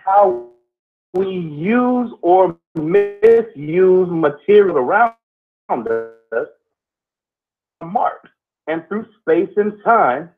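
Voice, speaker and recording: Man musing slowly over a phone line. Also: high voice, animated. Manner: slow, deliberate musing with long pauses. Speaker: podcast co-host. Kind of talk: casual call-in chat and spoken reflection.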